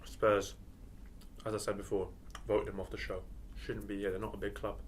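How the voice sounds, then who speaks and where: A man's voice: lowish voice, normal speed, slight background noise. A man joking and telling stories in football panel banter. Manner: animated storytelling, teasing. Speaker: panel regular.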